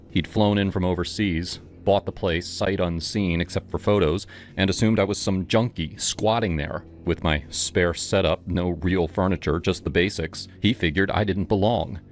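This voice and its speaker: A man narrating a first-person horror story in a dramatic, scripted storytelling manner. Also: low-pitched. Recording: music bed under the voice. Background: music.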